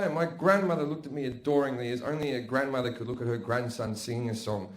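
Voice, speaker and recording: Speaking fast and barely pausing, an Australian man with a mid-range voice works through a stand-up set of crude, profane, conversational stories. He performs on a comedy stage for a live audience, and the venue has an echoey sound.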